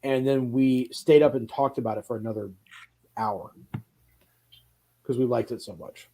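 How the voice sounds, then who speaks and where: A man hosting a casual film podcast, talking in an animated way with quick asides and a lot of swearing. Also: medium pitch. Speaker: podcast host.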